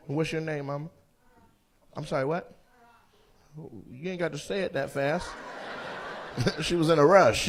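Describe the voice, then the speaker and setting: A man doing stand-up crowd work in a comedy club, teasing audience members with loud banter and putting on their voices. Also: on the high side. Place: comedy club stage before a live audience. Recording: faint crowd ambience, audience laughter.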